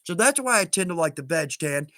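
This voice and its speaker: A man's voice: fairly high pitch, lively intonation, fairly quick, a bit bright, dry recording. A man hosting a leathercraft livestream in casual chat, rambling, restarting and laughing at himself. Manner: chatty, self-interrupting, laughs at himself. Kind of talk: casual live-stream chat.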